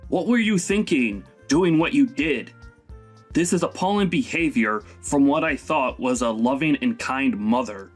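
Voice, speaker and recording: A man's voice: mid-range voice, expressive, a little slow, soft background music. A man voicing a young adult son who scolds his mother in a stern, indignant way. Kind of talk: animated story voice acting.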